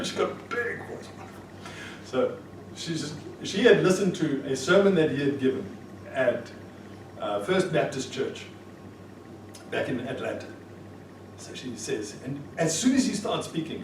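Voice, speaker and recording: A man's voice: a little high, normal speed. A man giving a live motivational presentation to an audience, telling stories animatedly and acting out dialogue, recorded from a distance in an echoey room with faint noise. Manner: animated storyteller, acts out dialogue. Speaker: motivational speaker.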